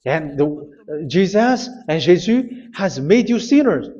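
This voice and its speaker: A male preacher with a voice pitched a little high, pressing his points again and again and stumbling over restarts as he goes. The recording sounds dull and lo-fi. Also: big pitch swings, unhurried, a little mellow. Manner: insistent preaching with repetitions and hesitations. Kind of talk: sermon.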